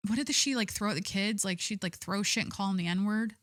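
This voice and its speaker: A woman's voice: mid-range voice, fairly quick, few pauses, no room sound. Young woman host, solo podcast chat, rambling and profane, dry close sound. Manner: rambling, swears often, many fillers.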